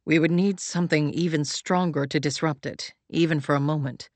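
A woman voicing a grave, protective male guardian who speaks in a calm, low, steady way. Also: moderate pace, no echo, natural voice.

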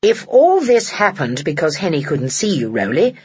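A narrator voicing a calm family father who asks his young son questions in a brisk way. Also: medium pitch, husky, dry recording, dull audio. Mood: questioning.

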